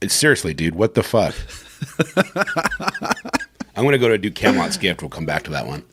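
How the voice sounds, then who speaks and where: A man with a very low voice that swings widely in pitch, recorded close and dry. He talks in a casual, animated way, laughing often and swearing freely. He is reading comic voiceovers and chatting. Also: normal speed, pauses often, slightly rough, no room sound. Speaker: voiceover reader and podcast co-host. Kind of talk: casual chat and recording session.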